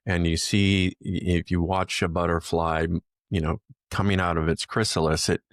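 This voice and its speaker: A man's voice: low voice, level tone, moderate pace, no echo, studio quality. A man co-hosting a podcast, talking reflectively in casual chat and explaining his point through a metaphor. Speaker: podcast co-host.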